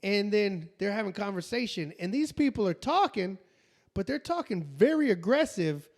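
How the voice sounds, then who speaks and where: Brief: man in his forties, podcast co-host, high-pitched voice, lively storyteller who laughs and mimics others. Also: moderate pace. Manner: animated storyteller, acts out quotes, laughs often. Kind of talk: casual chat.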